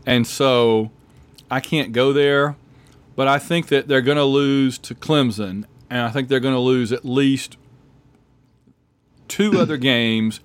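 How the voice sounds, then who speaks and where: A man co-hosting a casual sports chat, playful and joking. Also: medium pitch. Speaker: podcast co-host.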